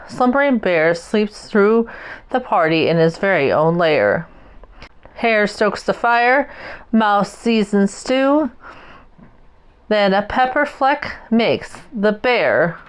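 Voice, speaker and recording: A woman reads a picture book aloud for her young children, taking it slow with a sing-song lilt. Her voice is clear and smooth, swinging widely in pitch. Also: lively intonation. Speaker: parent reading to her children.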